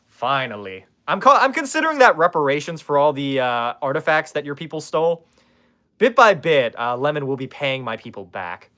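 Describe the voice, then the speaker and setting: A man's voice: medium pitch, a bit bright. A man streaming from his room in casual chat, sarcastically roasting viewers and swearing freely.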